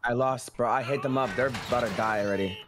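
A young man rattles off jokes and slang while gaming with friends. He talks quickly and sounds hyped up. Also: medium pitch, background noise. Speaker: gaming guest. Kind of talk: casual gaming chat.

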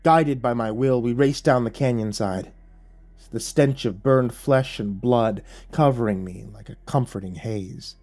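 A man reading a horror story aloud in a measured, dramatic storytelling voice. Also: mid-range voice, darkish tone. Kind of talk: scripted horror narration. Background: faint music.

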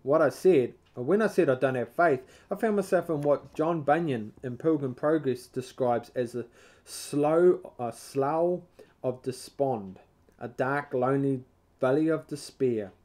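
A man leading a Bible study, reading a devotional book aloud in a measured way, now and then stumbling and correcting himself. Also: medium pitch, dark tone.

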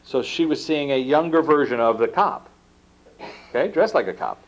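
A man giving a book talk, telling stories in an animated way and acting out the dialogue. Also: a little high, normal speed, lo-fi sound. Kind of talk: storytelling lecture. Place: lecture room at an institute.

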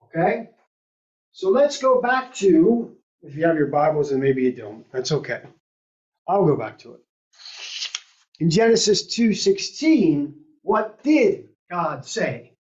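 A woman's voice: low voice, very animated, takes it slowly, long pauses, darkish tone. A woman teaching an adult Sunday school class, asking the group questions and thinking aloud as she goes. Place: church classroom. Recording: roomy, distant and dull.

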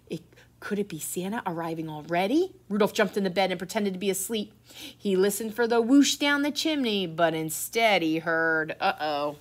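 A middle-aged woman, a teacher reading a picture book aloud to children, expressive and full of surprise. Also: medium pitch. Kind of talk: children's read-aloud storytime.

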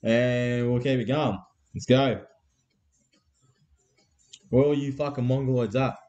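A man's voice: mid-range voice, fairly even intonation, slow pace, a little mellow, highs cut off, faint music behind. An Australian man hosting a live card break, with crude, laddish banter and constant swearing.

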